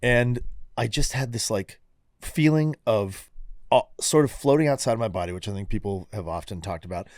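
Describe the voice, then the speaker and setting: A man's voice: lowish voice, moderate pace, a little mellow, dry recording, clean studio sound. A man in his forties co-hosting a podcast, telling candid personal stories in casual chat and swearing freely. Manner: candid storytelling, frequent swearing. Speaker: podcast co-host.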